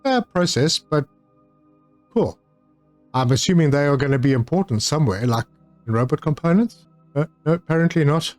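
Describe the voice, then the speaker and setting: A man's voice: on the high side, lively intonation, moderate pace, long pauses, no echo, soft background music. A man giving casual, easygoing commentary while playing a building game, thinking aloud and talking to himself as he goes. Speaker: gaming channel host.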